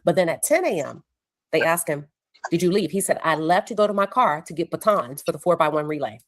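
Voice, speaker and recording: A woman's voice: low voice, expressive, fairly quick, dry recording. A woman recapping courtroom testimony, acting out the witnesses' words. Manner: acts out quoted witnesses with raised voice. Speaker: courtroom reporter.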